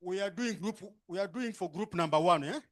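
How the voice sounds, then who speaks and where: Sorting workshop participants into groups, a Ugandan English-accented facilitator gives quick directions and keeps adding tag questions. His voice sits high and sounds a bit bright.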